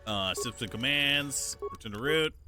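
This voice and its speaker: A man's voice: mid-range voice, animated, a little slow, sharp tone. Casting: offhand man streamer, mutters menus and scats, game music behind. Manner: mumbles, reads menus aloud, scats nonsense sounds. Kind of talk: casual gameplay commentary.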